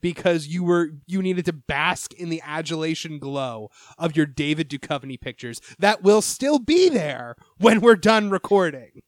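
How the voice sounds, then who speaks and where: A man's voice: a little high, animated, a little slow, few pauses, dry recording, clean studio sound. A man chatting as a podcast co-host who teases his friends and rants in an exaggerated way. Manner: teasing, exaggerated ranting. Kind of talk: casual chat.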